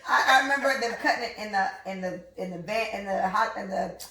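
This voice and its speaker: A woman's voice: mid-range voice, bright, forceful tone, roomy sound, distant mic, poor audio. A woman hosting a podcast, chatting casually and playfully with her mother. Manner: quick, playful, laughs often. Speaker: podcast host. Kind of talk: casual chat.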